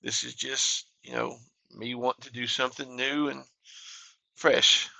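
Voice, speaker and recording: A man hosting a gaming channel, talking through a mining game in a relaxed, plain-spoken way at a desk mic. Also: medium pitch, a little slow, vocal fry, dry recording. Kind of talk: casual game commentary.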